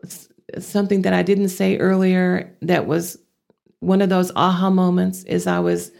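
A woman's voice: on the low side, measured pace, vocal fry, a little mellow. An older woman from Amarillo with a Texas accent, a guest telling her story earnestly in a casual interview.

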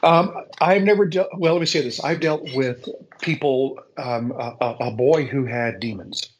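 A man's voice: mid-range voice, normal speed, slight background noise, rough recording. Male guest, mid-range voice; earnest, faith-driven testimony with frequent restarts. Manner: earnest, repeats words as he searches for them; speaks with faith-filled conviction. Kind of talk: casual storytelling on a call-in show.

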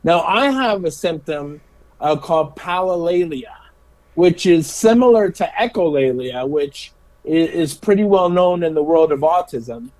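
Rough audio captures a fairly high-pitched middle-aged man speaking at a measured pace. He teaches special education and spins stories in a relaxed interview, laughing as he talks and often saying things twice in his lively way.

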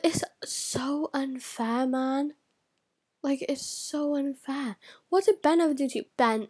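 Teen girl vlogger, slightly high and husky, rambling chat with lots of swearing. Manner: chatty, swears a lot, dips into whispers. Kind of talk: casual chat to camera.

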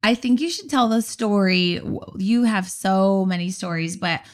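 A woman co-hosting a podcast, telling a story in a lively, dramatic way in casual chat. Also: mid-range voice, normal speed. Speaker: podcast co-host.

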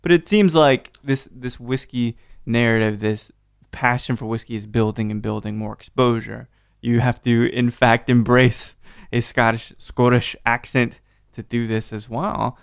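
A male interview host at mid pitch, recorded dry and close. He is easygoing and quick to laugh. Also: fairly even intonation, creaky, clean tone, no echo. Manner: laughs easily, short encouraging replies. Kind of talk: casual interview.

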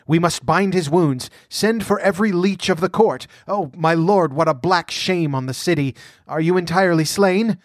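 A man's voice: medium pitch, unhurried, darkish tone, no echo, clean studio sound, lightly acted. A man voicing a fussy, fat older male court official in a storybook reading, fretful and flustered. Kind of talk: audiobook character voice.

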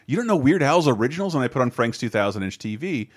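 A man with a mid-pitched voice chats on a podcast. He speaks with enthusiasm and often stumbles over repeated words as he restarts. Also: big pitch swings, quick pace. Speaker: podcast co-host. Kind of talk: casual chat.

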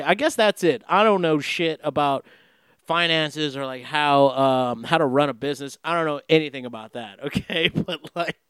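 A man's voice: fairly high pitch, clean tone, no room sound. A man chatting casually in a rambling, profane way, laughing through his story. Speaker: vlogger. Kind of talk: casual chat. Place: Los Angeles.

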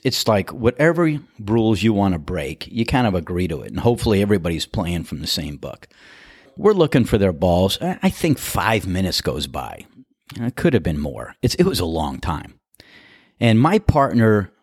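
A man casually telling a golf anecdote, animated and laughing as he acts out the other players' lines. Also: fairly low pitch, no echo, clean studio sound.

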